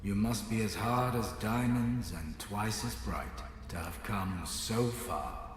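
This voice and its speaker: A man voicing a solemn, ancient divine being in a video game, speaking slowly. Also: lowish voice, soft background music. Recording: roomy, echoing, distant voice.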